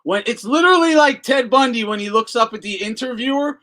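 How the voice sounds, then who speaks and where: Brief: foul-mouthed host, lots of laughter, animated up-and-down delivery. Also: male voice, very high voice, fairly quick. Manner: profane, laughs often, mocking. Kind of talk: casual live commentary.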